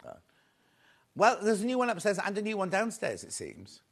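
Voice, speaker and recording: A man's voice: sits high, wildly swooping pitch, normal speed, a bit bright. A man presenting a live shopping show, upbeat and chatty, greeting viewers by name as he sells fabric.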